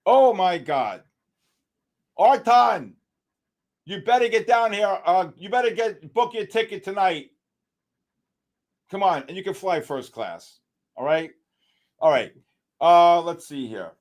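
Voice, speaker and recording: Excitable high-voiced trading stream host. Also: male voice, slow, long pauses. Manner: excitable, exclamatory, calls out viewers by name. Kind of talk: live market commentary.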